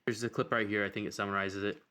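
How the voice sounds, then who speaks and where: A man interviewing a musician and narrating the video, with halting, filler-laden questions. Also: fairly low pitch, level tone, bright, forceful tone, clear, resonant tone. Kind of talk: casual interview and voice-over narration.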